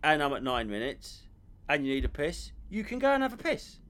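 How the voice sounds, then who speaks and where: A young man, a comedian, chatting casually on a podcast and telling a heated backstage story with animated retelling. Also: fairly high pitch, a little fast. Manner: animated storytelling, acts out arguments, repeats himself when worked up. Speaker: stand-up comedian and podcast co-host.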